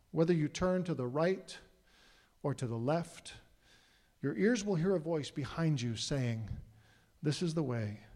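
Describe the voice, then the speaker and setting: A man's voice: on the high side, darkish tone. A middle-aged man, a pastor, preaching a sermon earnestly and asking the congregation questions. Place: church sanctuary. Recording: long hall reverb.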